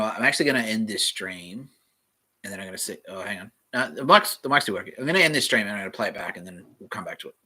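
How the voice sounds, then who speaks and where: A man hosting a casual solo podcast, reading aloud from the web and thinking out loud in a rambling way, with the odd swear. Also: lowish voice, husky. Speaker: podcast host.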